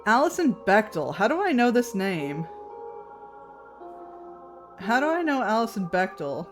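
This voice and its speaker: A woman streaming from her room, chatting casually with her viewers at an ordinary middle pitch. She laughs easily and reads chat aloud in a loose, rambling way, with soft music playing faintly behind. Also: very animated, measured pace. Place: home room.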